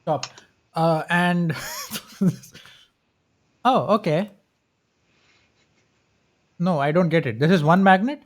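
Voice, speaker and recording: Higher-voiced man in halting casual chat. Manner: hesitant, many restarts and laughs. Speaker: podcast co-host. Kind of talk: casual live-stream chat.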